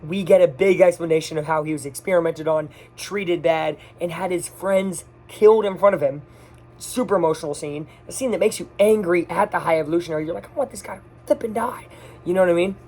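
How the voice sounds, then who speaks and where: Excitable off-the-cuff movie reviewer. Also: mid-range voice. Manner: excitable, gushing, quick bursts of talk.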